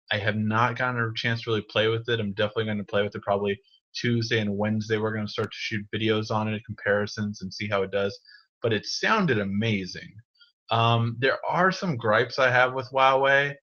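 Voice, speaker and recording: A man's voice: lowish voice, a bit bright. A man hosting a live tech Q&A, casually answering viewer questions with many ums and restarts. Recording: dull lo-fi stream audio.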